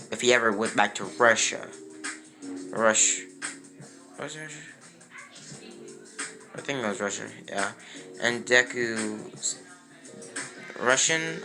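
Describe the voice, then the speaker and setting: A man telling an unscripted fan what-if story in a rambling, halting way, often stopping to correct himself. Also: mid-range voice. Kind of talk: unscripted fan-fiction narration. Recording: voice over loud background music.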